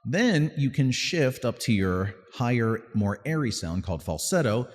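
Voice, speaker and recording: A man's voice: medium pitch, big pitch swings, measured pace, dry recording. A man giving a casual singing lesson as a vocal coach, explaining technique in a pedantic way with short sung demonstrations. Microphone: close mic with added reverb at times.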